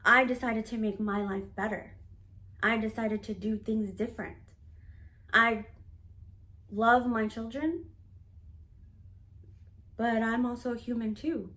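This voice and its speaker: A woman's voice: a little high, fairly even intonation, slow pace, long pauses, fairly bright tone. A woman in her thirties candidly recounting a family conflict in a personal vlog, acting out the quoted dialogue with animation. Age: 30s. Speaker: vlogger. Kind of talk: personal storytelling to camera.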